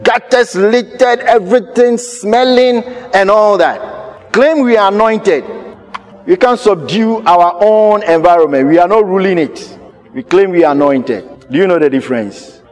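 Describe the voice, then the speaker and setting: A pastor, preaching a sermon with emphatic repetition. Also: male voice, sits high, a little slow, big-room sound, soft background music. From Ghana. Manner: emphatic, repeats key phrases.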